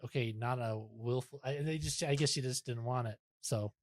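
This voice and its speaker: A man's voice: mid-range voice, moderate pace, dry recording. A young man talking as a podcast guest in casual chat, rambling and self-deprecating, with many restarts.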